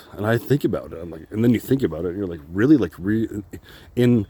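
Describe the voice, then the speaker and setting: A man's voice: deep voice, lively intonation, very fast, mellow, breathy edge. A man vlogging on his phone while walking outdoors, talking in a meandering, candid way, laughing often and swearing casually. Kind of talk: rambling walk-and-talk vlog. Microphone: phone held while walking.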